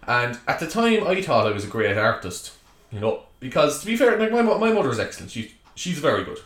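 Fairly quick and a bit bright, this Irish host's mid-range voice swings widely in pitch as he rants on his solo comedy podcast. Joking asides fill his chatter, recorded in an echoey small room at home.

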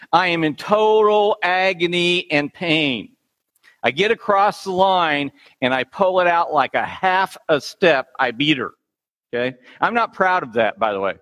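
A middle-aged man preaching a sermon as a pastor, telling a self-deprecating running story in an animated, storytelling way. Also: fairly high pitch. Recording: long hall reverb.

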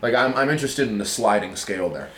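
A man co-hosting a casual podcast, blunt and profane, often firing off questions. His voice is low. The room gives his voice a noticeable echo. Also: lively intonation, quick pace, sharp tone, a little hiss or hum. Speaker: podcast co-host. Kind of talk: casual chat. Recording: echoey room.

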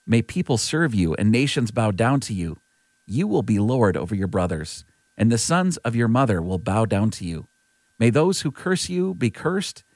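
A man's voice: fairly low pitch, a little mellow, no room sound. A man voicing an aging father giving his son a blessing, in an earnest, lightly voiced scripture reading.

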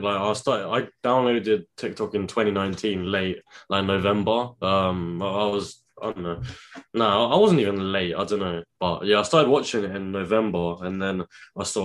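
Young man, very low voice, laid-back, hesitant interview guest. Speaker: guest, social media creator. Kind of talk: casual interview chat.

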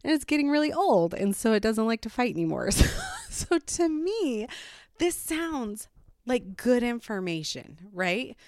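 A mother telling a personal story to camera in a casual, animated way, with rambling asides and frequent laughs. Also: medium pitch, no room sound, studio quality.

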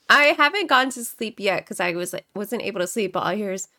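A woman's voice: mid-range voice, expressive, moderate pace, bright, forceful tone, no room sound, clean studio sound. A woman telling funny family stories in casual chat, laughing often, swearing freely and acting out the voices she quotes.

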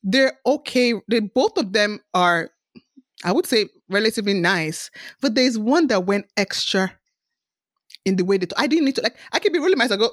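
Woman hosting a chill podcast, super animated, acts out bubbly texts, dry close mic. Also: mid-range voice, normal speed, no room sound. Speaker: podcast host. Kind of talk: casual chat.

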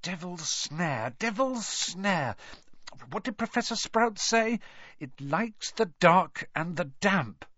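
A man voicing a bossy, know-it-all schoolgirl witch in a shrill, insistent voice. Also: lively intonation, a little slow, fairly bright tone, no room sound, highs cut off, full character voice.

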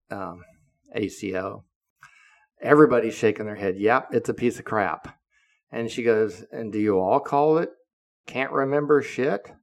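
A man of seventy, a podcaster, telling a story in a blunt, profane monologue that turns heated when he quotes himself. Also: fairly low pitch. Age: 70s.

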